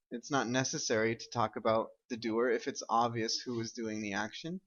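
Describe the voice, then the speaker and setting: A man's voice: mid-range voice, fairly bright tone, muffled recording. A man teaching an English grammar lesson, explaining step by step and often checking with "right?" and "okay?".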